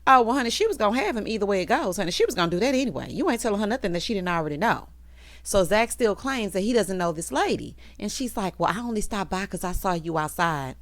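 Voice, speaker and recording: A woman's voice: mid-range voice, big pitch swings, fast. A woman recapping a TV episode in a comedic, sassy chat, teasing the characters and calling listeners honey and child.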